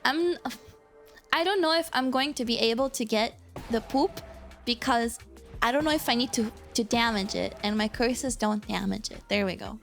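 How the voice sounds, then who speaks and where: A woman's voice: on the high side, normal speed, creaky, fairly bright tone, soft background music. A woman streamer chatting casually while playing a game, giggling often and reading messages from her chat, with a hiccup now and then. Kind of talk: casual gameplay commentary.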